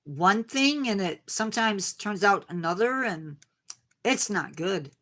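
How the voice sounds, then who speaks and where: A woman's voice: medium pitch, animated, a little slow, sharp tone. A woman streamer with a slightly sore voice, chatting casually and self-deprecatingly with viewers. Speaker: game streamer.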